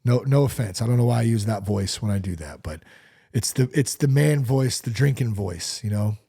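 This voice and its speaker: A man's voice: on the low side, animated, normal speed, gravelly, mellow, husky. A man hosting a casual solo podcast, talking loosely with lots of fillers and some swearing. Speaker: podcast host.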